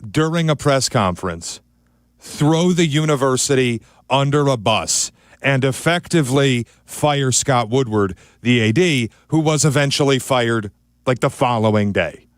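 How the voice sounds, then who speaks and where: Animated man hosting sports radio. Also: medium pitch, unhurried, no room sound, clean studio sound. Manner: animated, joking. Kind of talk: casual sports talk.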